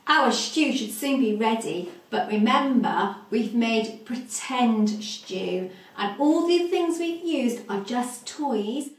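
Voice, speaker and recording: Woman teacher talking super slow to little kids, kinda high voice, stretches the words, echoey room. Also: expressive. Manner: slow, clear and exaggerated, stretching rhyming words. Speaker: preschool teacher. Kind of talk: slow sing-song lesson for young children.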